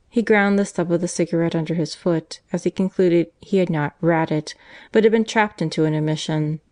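Woman audiobook narrator, low voice, measured storytelling. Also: dark tone. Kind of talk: scripted narration.

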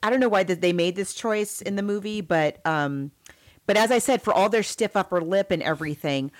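A woman's voice: medium pitch, fairly quick. A woman in casual conversation, retelling a story and acting out lines in playful quoted voices. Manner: chatty, retells plot with mock quoted voices. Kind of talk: casual book discussion.

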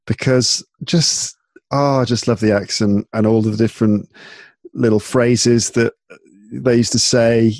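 A man from England in a laid-back podcast conversation, talking in a lowish voice. He's chatty and loose, often trailing off and restarting his sentences, recorded close and dry. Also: no room sound. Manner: relaxed, chatty, frequent fillers and restarts. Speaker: podcast host and English teacher.

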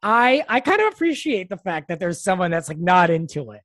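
A podcast co-host chatting casually and giving opinions with quick asides. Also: mid-range voice, sing-song, a bit bright, no room sound. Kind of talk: casual chat recapping reality TV.

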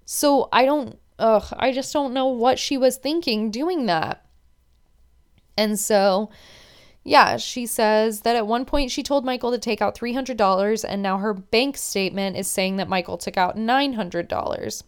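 A young woman recapping a reality show in a casual, opinionated chat, full of "like." Her voice is smooth and clear and sits fairly high. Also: measured pace. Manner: chatty, opinionated, many "like" fillers.

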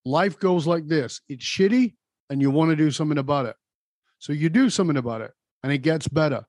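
Emphatic higher-voiced male podcast host. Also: a little fast, darkish tone, dry recording, clean studio sound. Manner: emphatic, motivational, direct address to listeners. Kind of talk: conversational podcast interview.

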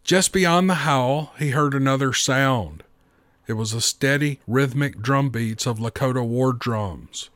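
A man narrating a story in a steady, measured reading. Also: medium pitch, no echo.

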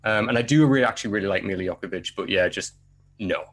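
Chatty man, low voice. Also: quick pace. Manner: chatty, laughs often, retells scenes animatedly. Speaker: podcast co-host. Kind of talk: casual chat.

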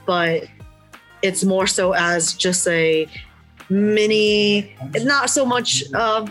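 Woman guest, earnest and blunt, mid-range voice, soft music behind. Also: mid-range voice, steady tone, takes it slowly, rough recording. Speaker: wrestler, podcast guest. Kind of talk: candid interview talk.

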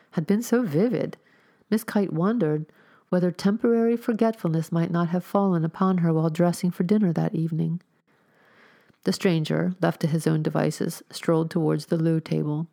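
A woman narrating a story as an audiobook reader, with a measured, steady reading. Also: low voice, gravelly.

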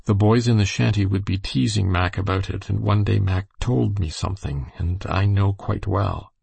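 A man's voice: fairly low pitch, steady tone, normal speed, gravelly, a little mellow, slightly rough, no echo, heavily acted. A man voicing an earnest, grieving young backwoods lad with a plain, simple rural turn of phrase.

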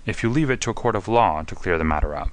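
A man voicing a calm, clever gentleman detective, composed and precise. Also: low-pitched, quick pace, dry recording.

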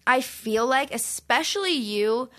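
A woman's voice: high-pitched, expressive, unhurried, fairly bright tone. A young woman in casual chat, affectionate and supportive, often saying "literally". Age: young adult.

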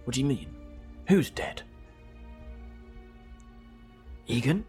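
A man's voice: low-pitched, a little fast, soft background music, natural voice. A man voicing a nervous, prim male train passenger who stammers when flustered. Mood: alarmed.

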